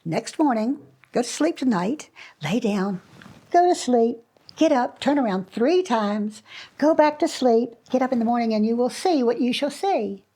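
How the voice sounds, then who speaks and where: A patient storybook fairy who lays out magic instructions step by step in a slow, sing-song way, as a woman storyteller voices her. The voice sits fairly high. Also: lively intonation, mellow.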